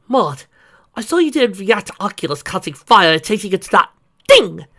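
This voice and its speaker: A reader voicing an excitable young pony in a fan-fiction story reading. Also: moderate pace. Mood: excited. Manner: loud, high, excited.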